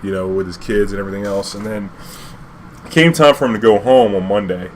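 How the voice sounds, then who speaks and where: A man tells a loose, rambling story about his cab days, packed with "you know" and casual swearing. His voice sits fairly low. A faint air conditioning hum runs underneath. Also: a little fast. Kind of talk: casual spoken anecdote.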